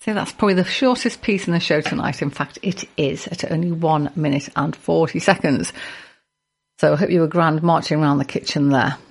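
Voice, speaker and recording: A man's voice: fairly high pitch, fairly quick, gravelly, slightly rough. A man with a Liverpool accent presenting a classical music radio show in a casual, jokey, chatty way, now and then stumbling over names. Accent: Liverpool (Scouse). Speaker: radio host.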